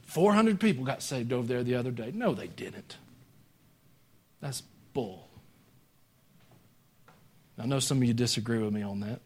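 A man preaching a sermon to his congregation. He talks conversationally, pushing some lines out loud and dropping others to quiet joking asides. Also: medium pitch, expressive, fast. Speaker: pastor. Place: church sanctuary.

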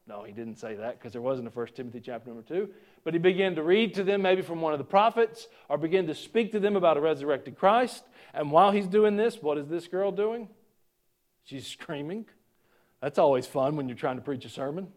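A man's voice: high-pitched, a little mellow. A male pastor preaching a conversational sermon, asking the congregation questions and adding joking asides.

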